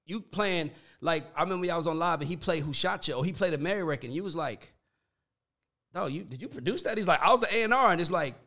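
This podcast host, who also manages writers and producers, speaks on the high side and at a quick pace. He tells stories in an animated, profane, slangy way, peppering his casual chat with "like" and "dog."

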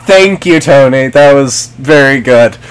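A man streaming a video game speaks with a clear, resonant, medium-pitched voice, unhurried and lively in intonation. He curses and sarcastically goads the enemies while talking with his audience.

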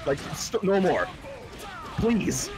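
A man giving excited live stream commentary on a fighting game tournament, exclamatory and quick to laugh. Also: high voice, over music. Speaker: esports commentator.

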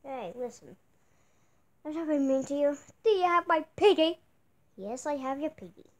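An exasperated adult in a comedy skit snaps back with sarcasm and the odd curse. The voice is high and very lively. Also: normal speed.

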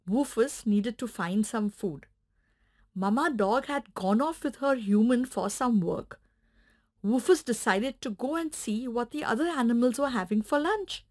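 A woman storyteller reading a children's animal story aloud, gentle and expressive. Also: on the high side, unhurried.

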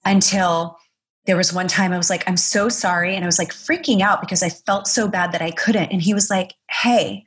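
A woman hosting a podcast interview, animated and quick to share her own experience. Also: lowish voice. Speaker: podcast host.

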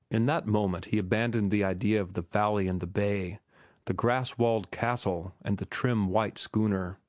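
A man narrating a classic novel as an audiobook, with a steady, even reading. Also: on the low side, moderate pace, dry recording, studio quality.

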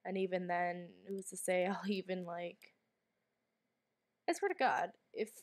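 A woman's voice: lowish voice, fairly even intonation, unhurried. A woman giving let's play commentary while sick and coughing, jumpy and anxious, swearing often and dropping to whispers in tense moments. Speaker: gamer streamer.

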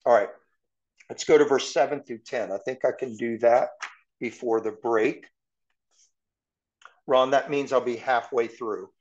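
A man leads a verse-by-verse Bible lesson at an ordinary middle pitch. He sounds conversational and keeps turning to the class with rhetorical questions. The recording is a little dull and lo-fi. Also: measured pace, pauses often. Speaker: Bible teacher.

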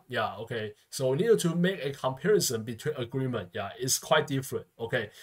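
A man teaches English vocabulary, his being Mandarin. His voice sits at a middle pitch but swings up and down a lot as he explains. He keeps tagging phrases with "okay" and "yeah". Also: fairly bright tone. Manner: peppers speech with constant "okay" and "yeah" tags. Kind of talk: vocabulary lesson lecture.

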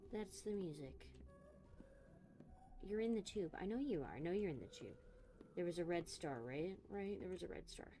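A woman's voice: lowish voice, animated, normal speed, long pauses, warm tone, slight background noise. A young woman streamer playing a scary game, talking to herself in a jittery way and swearing often. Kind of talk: let's play commentary.

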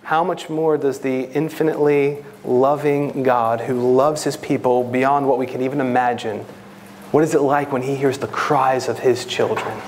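A man's voice: medium pitch, darkish tone, a little hiss or hum. A man with a New York accent preaching a sermon as a pastor, earnest and rising to impassioned, prayerful pleading.

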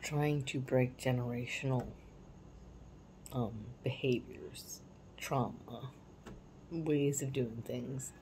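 A woman in her forties telling a personal parenting story in a candid, reflective way, sometimes dropping to a soft hush. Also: very deep voice, fairly even intonation, takes it slowly, slight background noise, poor audio. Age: 40s. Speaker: parenting vlogger.

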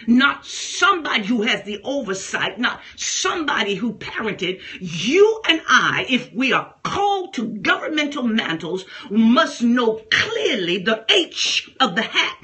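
A woman preaching a sermon with fervent intensity, mixing folksy asides with bursts of praying in tongues and raised, shouted lines. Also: a little high.

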